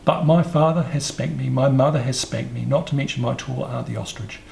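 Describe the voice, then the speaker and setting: A man's voice: mid-range voice, fairly even intonation, fairly quick, vocal fry, darkish tone, a little hiss or hum. A man voicing a polite, curious young elephant calf who pleads earnestly. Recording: roomy echo, faint ambience.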